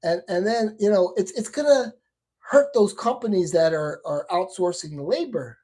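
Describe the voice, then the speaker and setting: A man chats loosely on his own livestream, wandering between topics and restarting his sentences often. His voice is mellow and dark, with a husky edge. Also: high voice, expressive, moderate pace. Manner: rambling, with many restarts and asides. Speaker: shaving livestream host. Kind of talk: casual live chat.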